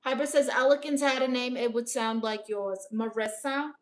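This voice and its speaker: A young woman from Brooklyn reading out her chat on a casual livestream, dry, deadpan and sarcastic. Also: on the high side, normal speed. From Brooklyn, New York. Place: home in Los Angeles.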